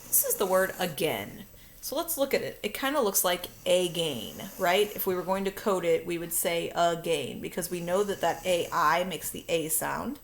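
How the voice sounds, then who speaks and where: Gravelly-voiced woman teaching phonics. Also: on the low side, moderate pace, a little hiss or hum. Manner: patient, step-by-step explaining. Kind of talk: online phonics lesson. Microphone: recording her own video lesson.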